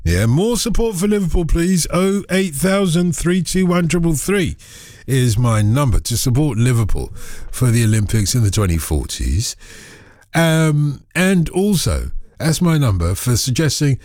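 Chatty male phone-in host, animated pitch, dry close sound, quick jokey asides. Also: no echo. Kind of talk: casual radio phone-in chat.

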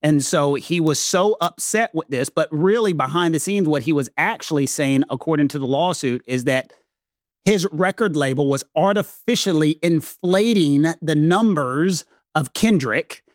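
Relaxed man explaining legal matters. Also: a little high, moderate pace, dry recording, studio quality. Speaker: guest legal expert. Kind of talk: explanatory conversation.

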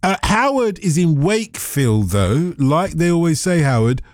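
Brief: male phone-in host, slightly high voice, dry studio mic, playful and theatrical. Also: very animated, measured pace, no echo. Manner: playful, theatrical, bursts into song. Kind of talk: casual radio chat. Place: radio studio.

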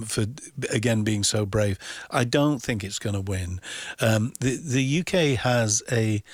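A man's voice: lowish voice, no echo. Chatty man, dry close sound. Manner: knowledgeable, chatty, laughs easily. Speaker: music commentator. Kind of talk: radio chat.

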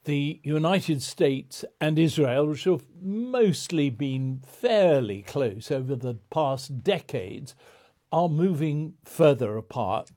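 A male news presenter who asks measured, probing questions in a broadcast interview, then moves on to read the next story. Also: a little high, lively intonation, dark tone. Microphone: studio microphone. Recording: dry studio sound.

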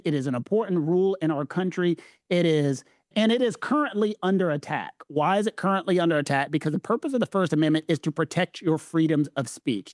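A Southern US man with a fairly high voice breaks down legal questions in a casual chat. He leans on his stresses and repeats phrases for weight. The recording is dry and close. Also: a little mellow, no echo. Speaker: legal analyst co-host.

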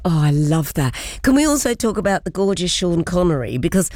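A woman in her sixties with a notably low voice, interviewing a guest with eager enthusiasm. The sound is dry and close, with no room around it. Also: very animated, fairly quick, a little mellow, dry recording. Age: 60s. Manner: enthusiastic, gushing. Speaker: radio presenter. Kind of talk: casual interview chat.

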